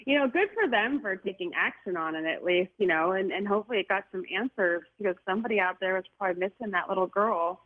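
A woman's voice: medium pitch, fast, few pauses. Earnest woman on a tinny line. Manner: earnest, laughs often, restarts. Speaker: paranormal guest. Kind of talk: call-in radio chat. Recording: phone-like narrow band.

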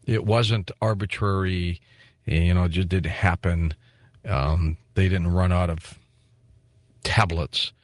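Male call-in show host, low voice, dry studio sound. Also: no echo. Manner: relaxed, affable, takes calls briskly. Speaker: radio talk show host. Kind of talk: late-night call-in radio.

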